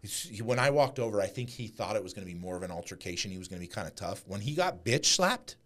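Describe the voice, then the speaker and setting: A young man tells brash, profane stories in a casual podcast chat. His pitch swings widely as he talks, from low mutters up to sharp peaks. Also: expressive, fast talker. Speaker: podcast guest.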